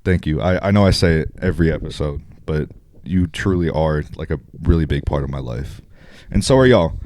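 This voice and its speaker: A young man co-hosting a casual podcast, speaking earnestly and a little haltingly. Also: a bass voice, darkish tone. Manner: earnest, heartfelt, a bit halting. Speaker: podcast co-host. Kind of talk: casual chat.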